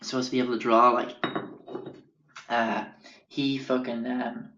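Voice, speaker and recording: A man's voice: medium pitch, flat delivery, a little slow, pushed and bright. Rambling sweary man telling stories. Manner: rambling, sweary, acts out quotes. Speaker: podcast host. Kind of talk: casual storytelling. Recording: roomy, dull lo-fi sound.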